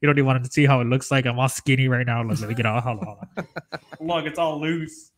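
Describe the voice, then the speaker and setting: A man's voice: medium pitch, fast talker, close to an everyday voice. A man playing a giggly, rambling Grinch. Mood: chatty, joking. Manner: rambling, giggly, tells tall tales. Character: mischievous green male Grinch, greedy, onion-loving. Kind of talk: in-character comedy interview.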